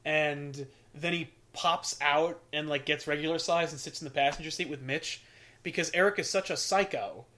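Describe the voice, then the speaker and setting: A man's voice: a little high, fairly even intonation, moderate pace, bright, forceful tone. A man hosting a casual chat, recapping a comic story in a rambling, profane way with lots of fillers. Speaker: podcast host.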